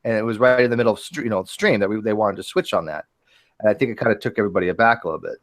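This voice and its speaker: A man hosting a casual podcast chat, talking in animated bursts with frequent restarts and casual swearing. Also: on the low side, racing. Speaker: host.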